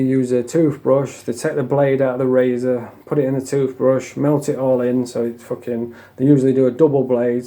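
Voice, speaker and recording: A man tells stories in a loose, casual way, swearing freely and breaking into a laugh now and then. His voice sits at a middle pitch with a mellow, dark tone. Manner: blunt, heavy swearing, laughs while telling. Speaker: storyteller. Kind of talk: casual storytelling.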